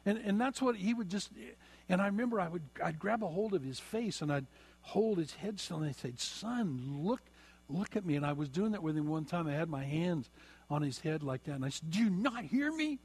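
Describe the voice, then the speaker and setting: A middle-aged man preaching a sermon, slowing down and repeating phrases for emphasis. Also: fairly high pitch, a little mellow, husky. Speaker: pastor.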